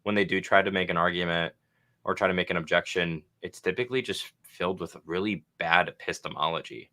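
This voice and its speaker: A male co-host chats casually on a livestream, hedging his points with plenty of fillers. His voice is deep and bright-edged. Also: brisk. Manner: hedging, lots of "like" and "uh". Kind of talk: casual discussion.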